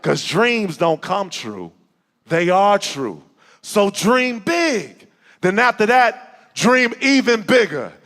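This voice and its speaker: A man from Chicago performing spoken-word poetry to a church audience, with a rhythmic, rhyming delivery that rises to shouts. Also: sits high, big pitch swings, slow. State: out of breath. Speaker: guest spoken-word poet. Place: church sanctuary with live audience. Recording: echoey hall with audience.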